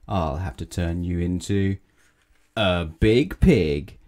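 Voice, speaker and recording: A man's voice: low-pitched, expressive, moderate pace, dark tone. A man voicing a stern male wizard in a storybook reading, lecturing firmly and commanding. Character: stern male wizard who punishes bad manners. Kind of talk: storybook read-aloud.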